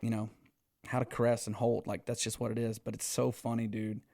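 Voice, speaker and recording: A man, telling stories as a podcast guest in an animated way, swearing freely and laughing often. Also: on the low side, brisk, creaky, no room sound, clean studio sound. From Texas. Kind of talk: casual storytelling.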